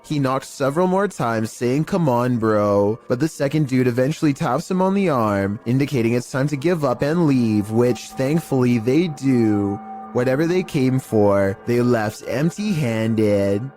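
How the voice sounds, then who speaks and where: A man giving scripted narration of eerie video clips in a measured, even storytelling delivery. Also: medium pitch. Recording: faint music bed under voice.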